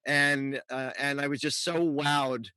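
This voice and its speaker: A man's voice: mid-range voice, fairly even intonation, takes it slowly, smooth, no echo, poor audio. A man co-hosting a podcast, chatting casually with frequent laughs and filler words. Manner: laughs often, warm filler-heavy rambling. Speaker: podcast co-host.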